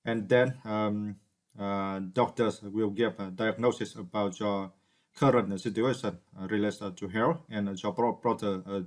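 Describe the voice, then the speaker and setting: A male English teacher whose first language is Vietnamese explains a word in a slow, halting way, full of "uh" and "um". His voice sits fairly low, and he keeps checking in with his listeners. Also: steady tone. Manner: hesitant, many fillers and restarts; asks "right?" to check understanding. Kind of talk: unscripted vocabulary lesson.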